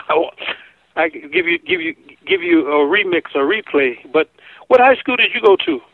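Radio host guy, stammers a lot, kinda high voice, thin dry sound. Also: animated, normal speed, no room sound, phone-quality sound. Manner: stammering, repeats his words. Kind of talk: radio interview.

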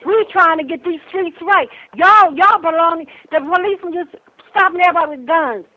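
Speaking fairly quickly in a very high voice, a grieving older grandmother airs an impassioned public complaint. She is angry and emphatic and repeats herself, heard through a tinny phone line.

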